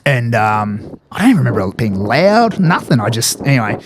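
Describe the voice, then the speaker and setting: A man's voice: mid-range voice, big pitch swings, noisy background. An Australian man, a podcast guest, telling a war story in casual chat and swearing freely. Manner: fast, swears freely, lots of fillers. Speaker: podcast guest, former paratrooper.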